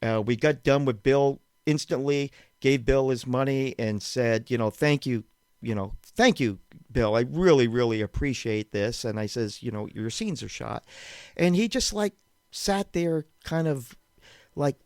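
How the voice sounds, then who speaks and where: A man telling a story as a podcast guest, animated and laughing often, repeating words as he goes. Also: mid-range voice, measured pace, clear, resonant tone, no echo, studio quality. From Western Massachusetts, USA. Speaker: guest, documentary filmmaker. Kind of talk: casual anecdote telling in a podcast interview.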